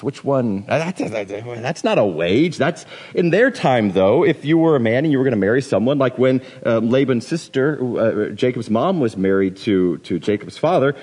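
A man delivers a sermon in a relaxed, joking way, now and then slipping into playful voices. His voice sits at an ordinary middle pitch and carries a long reverb from a church hall. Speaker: pastor.

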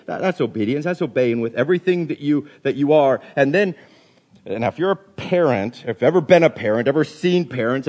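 A man preaching a sermon, animated and full of questions, repeating himself as he goes, with a cold coming on. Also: on the high side. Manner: animated, questioning, with many restarts. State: getting a cold. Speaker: pastor.

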